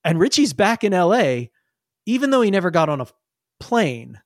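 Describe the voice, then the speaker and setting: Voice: mid-range voice, sing-song, moderate pace, no echo, studio quality. A game master narrating a tabletop game, rambling and often laughing.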